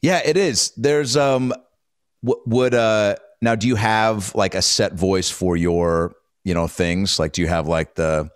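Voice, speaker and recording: A man's voice: on the low side, steady tone, a little slow, clean tone, dry recording, studio quality. A man hosting a casual interview, joking loosely and asking rambling questions. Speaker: host. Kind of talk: casual chat.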